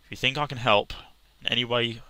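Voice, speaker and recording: A man talking sincerely to camera as a gaming vlogger, halting with restarts and fillers. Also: mid-range voice, fairly even intonation, bright, forceful tone, clear, resonant tone, no echo. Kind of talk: casual earnest talk to camera.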